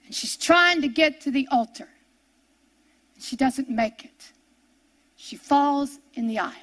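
A woman preacher telling a story in a sermon, pleading and slowing to drawn-out emphasis. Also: high voice, a bit bright.

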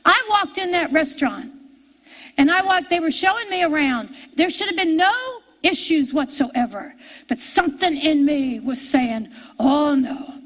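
A middle-aged woman preacher telling a personal story in a sermon, animated and repeating key phrases for emphasis. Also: sits high, moderate pace, poor audio.

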